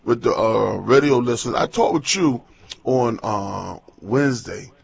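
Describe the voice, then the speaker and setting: A man's voice: medium pitch, measured pace, gravelly, breathy edge. A man, a pastor hosting a morning radio show, chatting casually and telling a story with lots of repeated words. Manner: folksy, repeats words, tells stories animatedly. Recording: muffled lo-fi radio broadcast.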